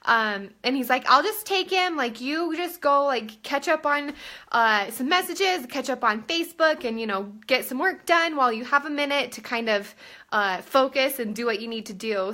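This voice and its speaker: A woman's voice: a little high, pushed and bright. A woman in her thirties chatting on a live stream from home, rambling with lots of fillers, holding her phone at arm's length. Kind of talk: casual live-stream chat. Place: home room. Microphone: phone held at arm's length.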